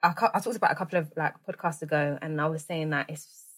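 A woman's voice: sits low, fast. A woman hosting a podcast, chatting casually and animatedly with slang. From United Kingdom. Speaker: podcast host. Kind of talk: casual chat.

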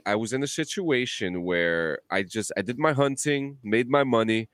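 A man in casual chat, telling a lively story full of swearing and acted-out voices. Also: on the low side, normal speed, hardly any pauses. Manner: animated storyteller, swears a lot, acts out voices.

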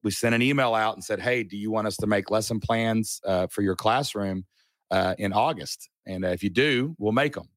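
A middle-aged man telling a personal story in a casual chat, animated and earnest, with a folksy way of talking. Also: fairly low pitch, normal speed, dry recording, clean studio sound. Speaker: podcast guest.

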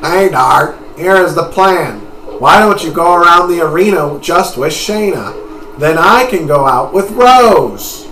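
A cheerful young knight hatching a plan, as a man puts him on in a jokey, conspiratorial tone. It sounds slightly raised and lively, a little distant in an echoey room. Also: on the high side, measured pace, slight background noise, pitched above the performer's own voice, full character voice. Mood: scheming.

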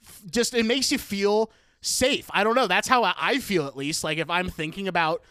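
A young man hosting a casual chat, telling animated stories with laughs and playful voice impressions. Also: high-pitched, normal speed, dry recording, studio quality. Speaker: podcast host.

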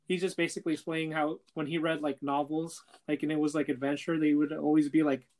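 A man's voice: fairly high pitch, flat delivery, fast, darkish tone. A young man casually retelling a story to a friend, loose and full of swearing and filler words. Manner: loose and profane, heavy on filler "like" and "he's like".

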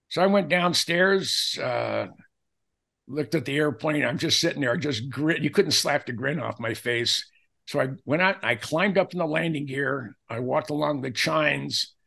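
An older man telling personal anecdotes as a podcast guest, acting out the dialogue he quotes in an animated way. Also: medium pitch, creaky. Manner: animated storyteller who acts out quoted dialogue.

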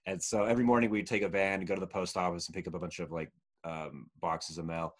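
Chatty man telling a story, low voice. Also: fairly even intonation, quick pace. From Utah. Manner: rambling, laughs often, many fillers. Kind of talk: casual storytelling chat.

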